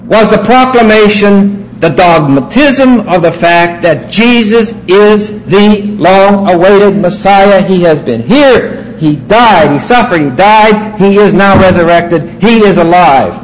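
A man's voice: high voice, a little hiss or hum, rough recording. A man teaching a Bible class, walking his students through their notes and stressing key words emphatically.

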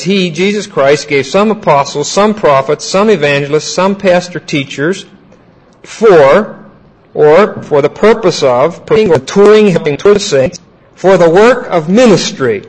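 A man teaching a Bible class, asking his students questions and repeating key points slowly. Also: a little high, lively intonation, poor audio.

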